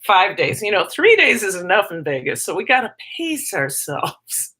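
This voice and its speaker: A woman hosting a casual live stream, chatting excitedly and greeting viewers by name. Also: mid-range voice, normal speed.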